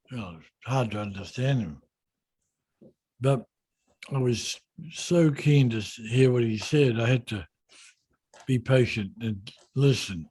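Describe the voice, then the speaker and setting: A man, a yacht designer in an interview, telling a story in a relaxed, unhurried and self-deprecating way. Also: medium pitch.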